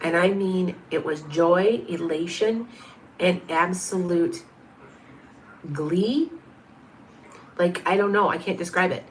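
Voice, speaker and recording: A woman's voice: fairly low pitch, slow, long pauses, a little hiss or hum. A woman in her fifties, a medium hosting a livestream, chatting casually through viewer questions with lots of restarts and asides. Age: 50s.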